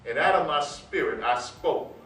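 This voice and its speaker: A man telling a personal story in a sermon, quoting scripture and building to loud proclamations. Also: fairly high pitch, expressive, normal speed. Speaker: preacher. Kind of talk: sermon testimony. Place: church sanctuary. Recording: roomy sound from far off with music.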